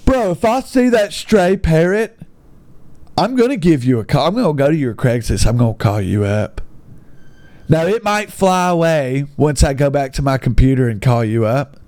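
A young man reads classified ads aloud and pokes fun at them in a sarcastic, incredulous way. His pitch swings widely as he jokes. The sound is dry, with almost no room echo. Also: lively intonation, normal speed, darkish tone. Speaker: online video host reading classified ads. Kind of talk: casual comedic commentary.

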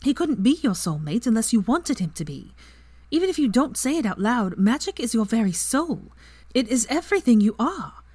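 An excitable, blunt young witch who talks with eager emphasis, as a woman reader puts her on. Her voice is raised high and lively. The recording is close and dry. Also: moderate pace, slightly rough, no echo. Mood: earnest.

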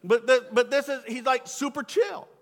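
A man's voice: very high-pitched, normal speed. A young man preaching a sermon as pastor, enthusiastic and casual with slangy asides. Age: young adult. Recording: echoey hall.

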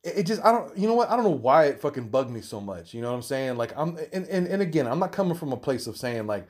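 A man's voice: big pitch swings, fast. Swearing man in a heated rant. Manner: heated, swearing, repeating himself, rising pitch when worked up. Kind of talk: profane ranting monologue.

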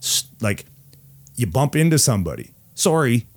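A man co-hosting a casual podcast, blunt and animated, swearing heavily as he rants. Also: lowish voice, fairly quick. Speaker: podcast co-host.

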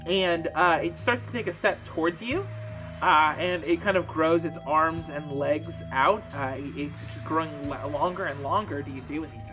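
A man's voice: a little high, moderate pace, over music. A man narrating as game master in a casual, filler-heavy way. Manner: casual, many fillers, describes scenes.

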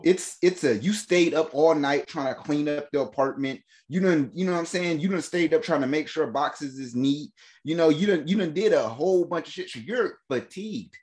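Animated slangy man telling a story. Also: fairly high pitch, normal speed. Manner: animated, slangy, laughs often, acts out quoted voices. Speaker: podcast host. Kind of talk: casual storytelling chat.

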